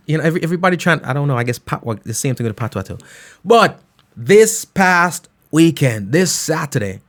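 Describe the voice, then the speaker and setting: A man hosting a casual live radio show, rambling playfully and shouting out listeners by name. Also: mid-range voice. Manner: repeats "you know what I mean" often.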